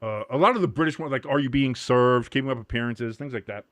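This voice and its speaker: A man hosting a live match watch-along in casual chat. He gets excited easily, swears freely, laughs often and shouts at big moments. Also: mid-range voice, fast talker, dry recording.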